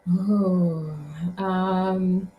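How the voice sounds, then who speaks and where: A woman's voice: on the low side, flat delivery, drawn-out words, dull audio. A woman guest telling travel stories in a casual interview, chatty and rambling with many fillers. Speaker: guest author.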